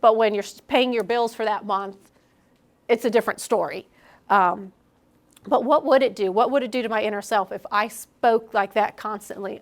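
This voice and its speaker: A woman's voice: mid-range voice, moderate pace. Candid woman preaching to young adults. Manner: candid, conversational, acts out her own inner voices. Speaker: young adults group speaker. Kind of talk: sermon.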